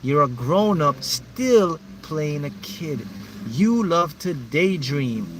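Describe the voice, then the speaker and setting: A man's voice: on the high side, expressive, slow pace, a bit bright, slight background noise. A man as a manifesting mentor, speaking emphatically and repetitively to his viewers in a live motivational talk. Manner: reads out viewers' names.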